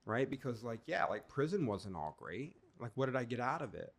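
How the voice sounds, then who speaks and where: A man in his thirties tells his story as a podcast guest, talking candidly with an easy, joking humor. His voice sits at an ordinary middle pitch. His delivery livens up when he acts out other people. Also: very animated, brisk, vocal fry.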